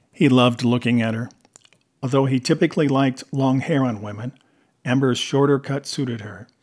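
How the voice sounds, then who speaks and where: A man reading a novel aloud as an audiobook narrator, in a measured, even way. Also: medium pitch, slightly rough.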